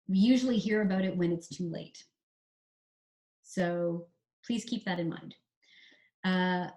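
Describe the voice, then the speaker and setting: A Canadian woman who writes screenplays, chatting through writing advice in a relaxed interview and spelling out examples. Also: medium pitch. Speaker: screenwriter guest. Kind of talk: casual explanatory interview talk.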